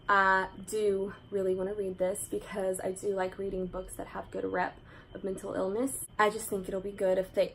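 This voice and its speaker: A chatty woman talks through her pile of books in a casual vlog. She speaks eagerly and leans on "like" as a filler, at an ordinary pitch for a woman. A faint background noise runs under her voice. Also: poor audio. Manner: chatty and enthusiastic, many "like" fillers. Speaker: book vlogger. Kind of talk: casual book haul chat.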